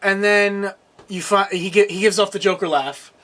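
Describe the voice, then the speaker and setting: A man's voice: high voice, steady tone, normal speed, fairly bright tone. A young man co-hosting a casual chat, recapping TV episodes in a rambling way, often laughing and restarting his sentences. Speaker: co-host.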